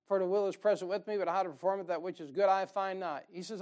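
A man delivers a sermon. He talks in a folksy, joking way and often rises into loud, fired-up bursts of preaching. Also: high voice, fairly even intonation, fast.

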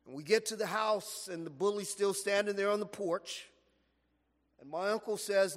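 A man's voice: sits high, moderate pace. A man preaching a sermon in a church, telling stories and stretching words for emphasis. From Los Angeles, USA. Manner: animated storytelling preaching, stretched emphatic phrases. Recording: long reverb from a large hall.

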